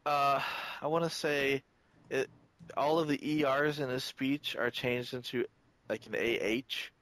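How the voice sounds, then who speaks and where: A man co-hosting a podcast in casual chat, animated and fond of acting out quoted lines. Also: medium pitch, a little slow, no echo. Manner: animated, hops into quoted voices. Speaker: podcast co-host.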